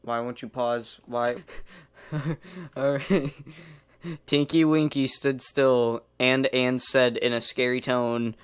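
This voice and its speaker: A man's voice: medium pitch, fairly even intonation, slow pace, clear, resonant tone, no room sound. A man casually reading fan fiction aloud, giggling and rambling in asides, some whispered. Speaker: reader.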